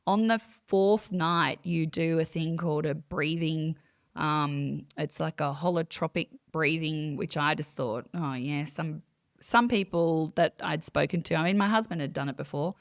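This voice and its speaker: A woman guest on a conversational podcast, telling a personal story in an animated way and acting out her own quoted thoughts. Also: low-pitched, unhurried, vocal fry, no room sound, studio quality. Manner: many fillers and restarts. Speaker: guest, psychic medium. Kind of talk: casual interview storytelling.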